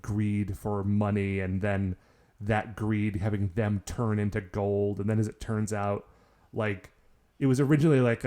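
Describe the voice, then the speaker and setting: A man's voice: fairly low pitch, mellow. A man co-hosting a podcast in casual, joking chat, often saying "like". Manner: chatty, many "like" fillers, joking. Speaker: podcast co-host.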